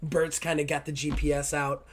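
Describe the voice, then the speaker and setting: A man runs a tabletop game in a loose, rambling way, full of fillers and offhand swearing. His voice sits a little higher than most men's. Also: level tone, normal speed, slight background noise. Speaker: game master.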